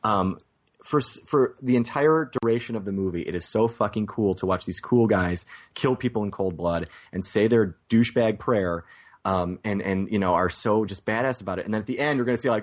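A man co-hosting a casual movie podcast, rambling with filler words, swearing, and breaking into animated voice imitations. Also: lowish voice, a little fast. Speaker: podcast co-host. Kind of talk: casual film chat.

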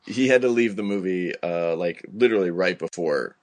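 A man's voice: low-pitched, normal speed. A man co-hosting a casual movie review podcast, making dry, wry asides. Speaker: podcast co-host.

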